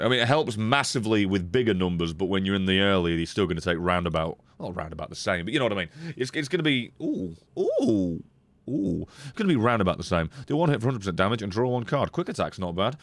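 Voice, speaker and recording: In a dry recording with faint music behind, the streamer's lowish voice delivers casual, profanity-laced card game commentary, animated and aimed at his chat.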